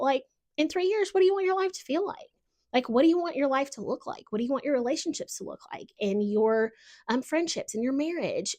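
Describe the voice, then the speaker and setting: Female podcast host, higher-pitched, chatty motivational monologue, peppered with "like". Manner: chatty, heavy use of "like", lively asides.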